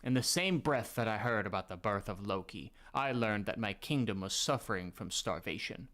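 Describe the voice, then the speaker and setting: A giant king speaks in a lowered, measured voice, as a man reads him aloud. His manner is grave and solemn. He sounds older and kingly. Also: lively intonation, fairly bright tone.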